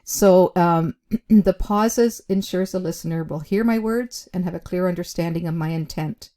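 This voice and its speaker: A woman with a low, mellow voice teaches interview skills to camera. She speaks deliberately, stressing key words and leaving short pauses. Her talk is chatty, with plenty of "um"s along the way. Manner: chatty, with frequent fillers. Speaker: job skills instructor.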